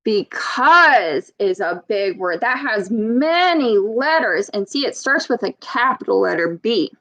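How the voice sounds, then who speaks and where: A woman with a slightly high, fairly bright voice reads a picture book aloud to children in an animated, unhurried way. She teaches as she goes, patiently asking them questions.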